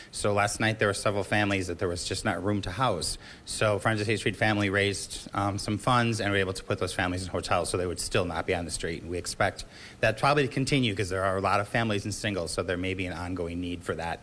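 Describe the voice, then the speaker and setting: Deep-voiced man talking fast in an interview. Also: fairly bright tone, slight background noise. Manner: quick, conversational answers with fillers. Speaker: shelter staff member. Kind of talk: live TV interview. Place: outdoors at a shelter.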